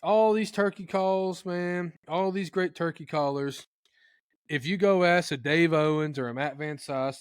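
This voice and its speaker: With a smooth, fairly high-pitched voice and an unhurried pace, a guest expert on turkey calling gives an animated, casual how-to talk, acting out turkey noises in funny voices. The sound is clean studio audio with no room sound.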